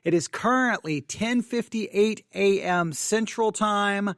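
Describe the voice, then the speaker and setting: Flustered preacher, winded, higher voice, dry close mic. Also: male voice, slow pace, fairly bright tone, clear, resonant tone, dry recording. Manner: flustered, rambling restarts. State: out of breath. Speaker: Baptist preacher commenting on news. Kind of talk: off-the-cuff news commentary. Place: church building. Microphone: desk microphone.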